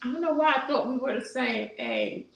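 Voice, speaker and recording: A woman's voice: high voice, wildly swooping pitch, normal speed, reverberant, slight background noise, poor audio. A woman in her sixties hosting a casual live stream, chatting with viewers and reading their comments aloud, with churchy asides. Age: 60s. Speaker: YouTube host reading live chat.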